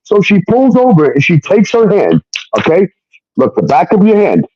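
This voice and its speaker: Animated man telling his story. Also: sits high, normal speed, husky, no echo, highs cut off. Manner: animated, keeps adding "okay?". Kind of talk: casual storytelling monologue.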